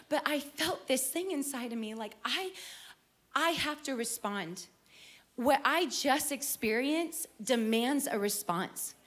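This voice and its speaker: A middle-aged woman, a singer, sharing her personal testimony as heartfelt storytelling, acting out her younger self. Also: fairly high pitch.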